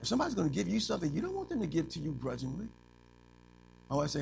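A man preaching a sermon as pastor, animated, asking the congregation to finish his lines and acting out little scenes. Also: a little high, very fast, creaky, long pauses, music in the background. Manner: animated preaching with call-and-response questions; acts out little scenes in other voices.

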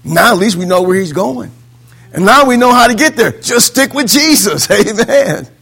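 Preaching at a moderate pace, a middle-aged pastor animates his sermon by quoting voices and laughing, moving from loud, emphatic declarations to quiet, low asides. His voice carries vocal fry and a breathy edge.

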